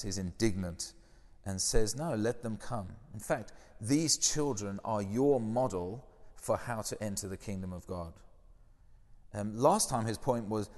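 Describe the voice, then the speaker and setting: Man, preacher, low voice, conversational sermon, reverberant sound. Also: darkish tone. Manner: conversational, asks the listeners questions.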